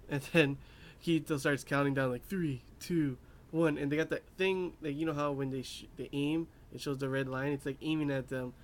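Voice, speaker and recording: A man's voice: mid-range voice, fairly even intonation, fairly quick, a little hiss or hum. A young man casually recapping an anime episode, rambling with lots of fillers and laughing at his own asides. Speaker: anime reviewer.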